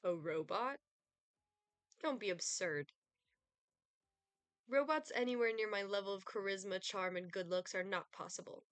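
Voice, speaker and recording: A woman's voice: mid-range voice, unhurried, pauses often, clean tone, no echo, close to an everyday voice. A woman reading the lines of a haughty male Grim Reaper in a game, pompous and theatrically threatening, in a dry close recording. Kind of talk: dramatic reading of game dialogue.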